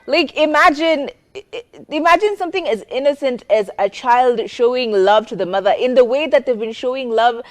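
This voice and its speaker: A young woman, co-hosting a casual advice chat, animated and expressive with disgusted exclamations. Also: high voice, moderate pace. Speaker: talk show co-host.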